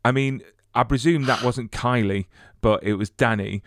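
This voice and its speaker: A man's voice: medium pitch, moderate pace, dry recording. A man interviewing a filmmaker, asking rambling, enthusiastic questions with frequent restarts. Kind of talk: casual interview conversation.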